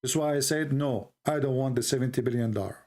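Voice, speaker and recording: A man's voice: mid-range voice, quick pace, darkish tone. Sarcastic man with a Middle Eastern accent. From Middle East. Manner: mocking, sarcastic, broken English. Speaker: show host. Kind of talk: sarcastic livestream monologue.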